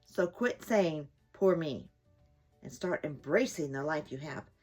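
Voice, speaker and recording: Preachy squirrel lecturing through a window, lively slow storybook delivery; woman reads it. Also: low-pitched, faint music behind. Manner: lecturing, earnest. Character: chatty preachy male squirrel outside a window.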